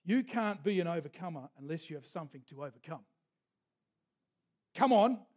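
A man's voice: a little high, lively intonation, quick pace, darkish tone. A man preaching a sermon as pastor, telling stories in a folksy manner with asides. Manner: storytelling with folksy asides and restarts.

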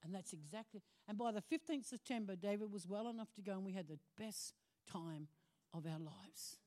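A woman's voice: mid-range voice, a little fast, mellow. A middle-aged woman preaching a personal testimony, telling her story with animation, acting out phone calls in other voices and often breaking into laughter. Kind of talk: testimony from the pulpit.

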